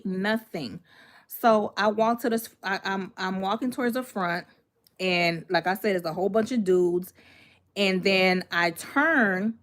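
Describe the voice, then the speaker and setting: A woman vlogger casually telling a personal story to her viewers, animated and emphatic, repeating phrases and breaking off with asides. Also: mid-range voice.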